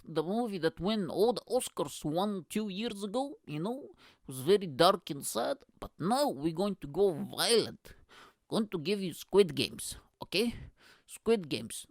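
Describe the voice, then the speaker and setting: A man doing a smug, boastful spokesman in a thick, put-on Russian accent, pitched a little higher than his own voice. He speaks in a sly, mock-formal way, recorded dry and close. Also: no echo. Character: boastful male Korean spokesman, smug adult.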